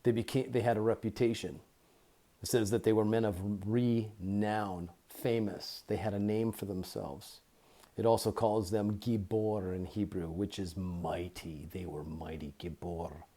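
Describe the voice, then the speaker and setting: A man with a very low, mellow voice gives an informal Bible teaching, recorded on a phone. He talks slowly and deliberately, repeating key words to drive them home. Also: steady tone.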